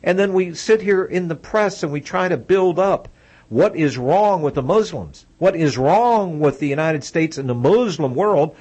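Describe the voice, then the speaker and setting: A man's voice: a little high, expressive, measured pace, a little mellow. A man hosting a radio interview, talking in a conversational, wry way that builds to indignation. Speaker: radio host.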